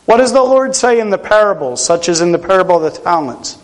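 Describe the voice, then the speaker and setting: A man's voice: high voice, expressive, fast, low-quality recording. A man from Pennsylvania preaching a sermon in a conversational way, with self-deprecating humor.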